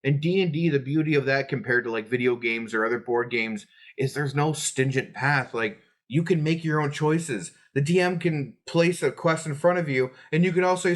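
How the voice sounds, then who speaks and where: A man's voice: on the high side, moderate pace, hardly any pauses. A young adult man hosting a tabletop game channel, giving players tips in an earnest, chatty way full of fillers and restarts. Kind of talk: casual explanatory talk to camera.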